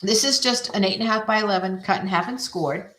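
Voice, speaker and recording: A woman's voice: medium pitch, fast talker, fairly bright tone. Chatty woman demonstrating a craft. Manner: chatty, self-deprecating, thinks aloud while working. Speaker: craft video host. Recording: echoey room.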